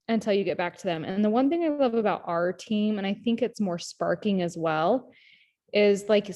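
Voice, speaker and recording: A woman giving a motivational pep talk to her sales team on a group video call, energetic and chatty, often turning to the listeners as "you guys". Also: medium pitch. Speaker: team leader in a direct-sales team.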